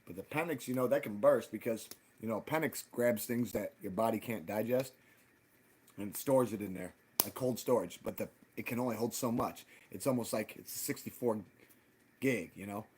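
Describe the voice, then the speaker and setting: A man hosting a live stream, ranting in casual, profane talk and jumping loud and high when he quotes people. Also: moderate pace, slightly rough. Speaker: livestream host.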